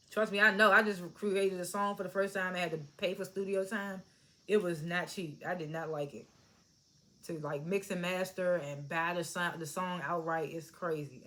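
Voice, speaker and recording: A woman casually recapping and reviewing a TV episode, blunt and animated, swearing freely and laughing often. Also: fairly low pitch.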